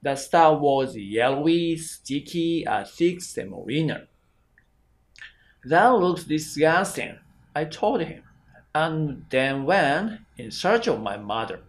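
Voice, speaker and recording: A man's voice: a little high, very animated. A male exam prep teacher, reading an English exam passage aloud carefully. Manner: slow, careful read-aloud.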